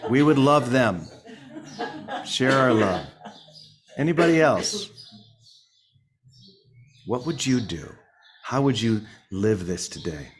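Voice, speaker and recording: A man's voice: mid-range voice, animated, takes it slowly, long pauses. A man leading a morning spiritual session in a playful, humorous way, calling on listeners by name. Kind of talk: informal sermon.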